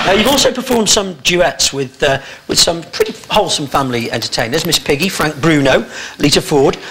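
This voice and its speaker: A man's voice: high voice, background noise. A male talk show host with a wry, teasing delivery of prepared interview lines. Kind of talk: scripted chat show interview.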